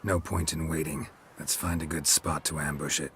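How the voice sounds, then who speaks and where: An actor playing a stoic middle-aged male monster hunter in a video game, speaking in short, clipped, deadpan lines. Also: extremely low pitch, moderate pace, a little hiss or hum. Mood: terse.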